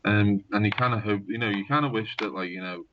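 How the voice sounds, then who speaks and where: A man's voice: fairly low pitch, quick pace, dull audio, background noise. A man with a Scouse accent, a novelist rambling in a casual podcast chat with many fillers and restarts.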